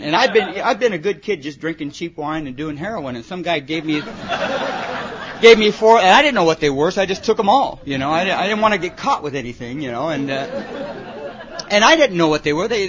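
A man with a high voice tells funny, rambling stories at a recovery meeting, filling his talk with "you know" and "man". The recording sounds muffled, and a crowd laughs along in the background. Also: animated, fairly quick. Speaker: speaker sharing at a recovery meeting. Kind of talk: humorous storytelling to a live audience.

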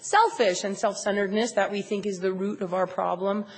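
A woman's voice: mid-range voice, fairly even intonation, fairly quick, long reverb tail, low-quality recording. A woman giving a candid, emphatic and self-mocking personal talk at a recovery meeting. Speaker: speaker sharing at a recovery meeting.

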